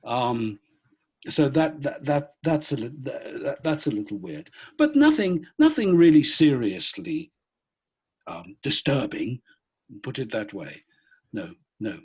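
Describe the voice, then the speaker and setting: A man's voice: medium pitch, huge pitch swings, slow pace, darkish tone, husky. A middle-aged man, a former police officer, telling a story on a video call with many hesitant restarts. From Britain. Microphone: laptop on a video call.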